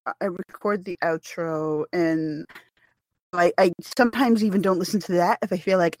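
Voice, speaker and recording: A woman hosting a podcast, chatting casually in an animated, self-deprecating way and laughing often. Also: lowish voice, moderate pace, no echo. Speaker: podcast host.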